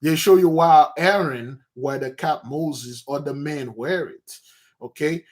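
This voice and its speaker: Halting, higher-voiced man teaching a study. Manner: halting, with many restarts and asides; lively storytelling, acting out scenes. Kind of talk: informal book study talk.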